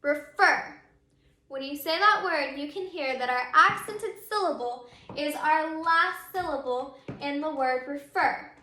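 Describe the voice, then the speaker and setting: A woman's voice: sits high, a little slow, pushed and bright, reverberant. A woman teacher giving a grammar lesson, patiently explaining and repeating example words aloud.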